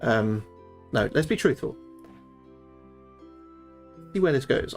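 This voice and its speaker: A man reads a gamebook aloud on a livestream and chats with his viewers between passages, animated and jokey, with plenty of swearing. His voice is fairly high and swoops a lot, with faint music playing behind. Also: takes it slowly, long pauses. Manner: animated, joking, swears freely. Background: faint background music.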